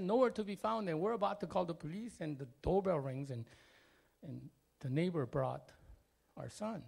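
A man from Korea speaking English, telling a personal family story. He talks expressively, jumping between loud and quiet, with many fillers. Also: on the high side, vocal fry.

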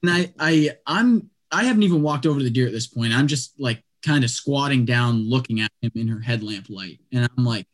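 A man telling a story in casual conversation, animated and rambling, with a lot of "like" fillers. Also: mid-range voice, quick pace, few pauses. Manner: animated, rambling, heavy use of "like".

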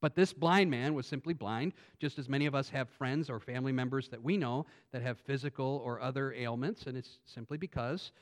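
Conversational man preaching a sermon. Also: medium pitch. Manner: conversational, swings between loud emphasis and quiet asides; frequent restarts and repetitions. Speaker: pastor.

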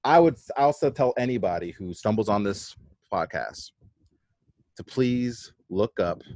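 A man's voice: on the low side, animated, measured pace, a little mellow, no echo. A man speaking as a podcast guest over a remote call, emphatic and casual, swearing freely. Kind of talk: casual conversation.

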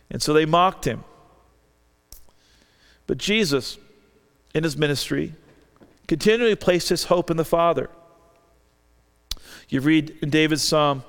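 Man, preacher, sermon, earnest, smooth resonant voice, fairly high, long hall reverb. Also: normal speed, long pauses. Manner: earnest, reads scripture aloud, rises for quoted lines.

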